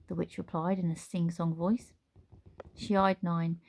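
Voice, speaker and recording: A woman reading a children's storybook aloud as narrator, with measured, expressive storytelling. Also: fairly low pitch, gravelly.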